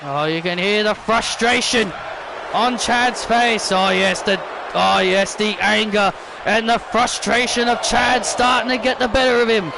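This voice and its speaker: A man giving excitable play-by-play commentary over a wrestling video game, often shouting the calls. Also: sits high, a little slow, gravelly, a crowd in the background, noisy background.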